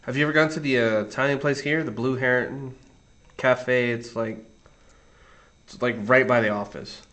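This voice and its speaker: A man's voice: mid-range voice, steady tone, moderate pace, a bit bright. A man co-hosting a casual podcast, joking and teasing his friend. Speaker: podcast co-host. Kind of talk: casual chat.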